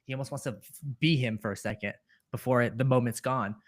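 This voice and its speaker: Rambling excited man on a podcast. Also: mid-range voice, quick pace. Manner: rambling, excited, lots of fillers and coughs. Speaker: podcast co-host. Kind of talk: casual reaction discussion.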